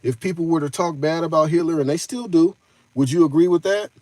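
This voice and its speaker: A man's voice: on the high side, fairly quick, a little mellow, dry recording. A man hosting a live stream, talking loosely in slang and answering his chat. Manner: loose slangy talk, addresses chat directly. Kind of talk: casual live-stream commentary.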